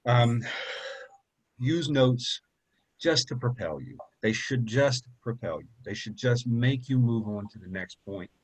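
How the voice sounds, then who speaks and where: Guy teaching a speech class, kinda husky voice, chatty and repeats himself a lot. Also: medium pitch, a little slow, poor audio. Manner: conversational, repeats points, asks okay and right. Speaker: college public speaking instructor. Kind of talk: casual classroom lecture.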